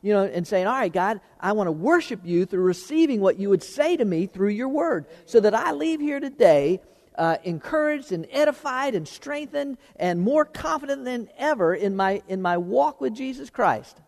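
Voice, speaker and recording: A man's voice: high voice, lively intonation, moderate pace, gravelly, a little mellow, long reverb tail. A man preaching a sermon as pastor, chatty and conversational, asking the congregation questions and repeating words as he finds them.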